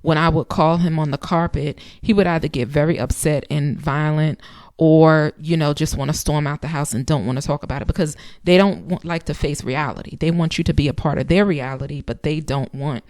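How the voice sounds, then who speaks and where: A woman's voice: deep voice, fairly even intonation, a little fast, a little mellow, no echo, clean studio sound. A woman in her thirties hosting a channel, giving casual, emphatic advice in a conversational way and repeating phrases for effect. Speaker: channel host.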